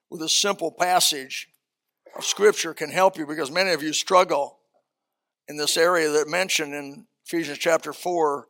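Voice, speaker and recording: An older man with a high-pitched voice preaching to his congregation. He reads scripture slowly, then slips into folksy stories. His speech stays plain and conversational between the readings. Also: gravelly, a bit bright. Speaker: pastor. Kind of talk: sermon.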